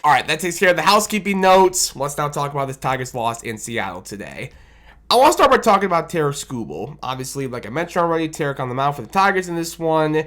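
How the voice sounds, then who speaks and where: A man giving a casual, animated recap of his team's loss as a fan commentator, self-deprecating and rambling, talking into a desk microphone. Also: fairly high pitch, fast talker. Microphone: desk microphone on camera.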